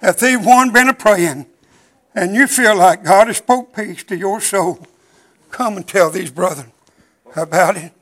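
An older man preaching a chanted sermon in a rhythmic, drawn-out cadence, out of breath and wheezy. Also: high voice, a bit bright, low-quality recording.

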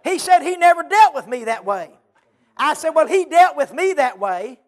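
A preacher, half-singing his sermon in rising, rhythmic bursts. He strings lines together with breathy "uh"s and repeated refrains, his voice climbing into a tuneful cry and dropping back. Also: extremely high pitch, big pitch swings, moderate pace. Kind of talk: chanted sermon.

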